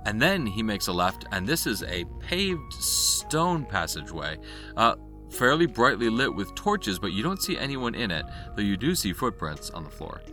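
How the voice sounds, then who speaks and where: A man's voice: lowish voice, sing-song, moderate pace, pushed and bright, soft background music. A man narrating as game master, describing scenes at length with uh and um. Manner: descriptive, with fillers like uh and um.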